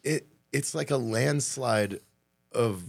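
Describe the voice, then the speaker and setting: A man's voice: mid-range voice, slow, gravelly, breathy edge, dry recording. A man hosting a casual interview, asking short, easygoing questions. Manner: relaxed, asks short questions. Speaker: podcast host.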